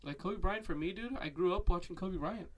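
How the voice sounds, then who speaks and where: A man co-hosting a casual podcast chat, talking excitably and filling his speech with "dude" and "you know". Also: high voice, fairly quick. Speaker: podcast co-host.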